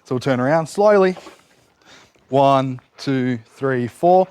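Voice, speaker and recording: Outdoors, a man demonstrates dog training, explaining each step and giving his dog short cues and praise. His mid-range voice is slow and smooth, recorded dry by a camera set up nearby.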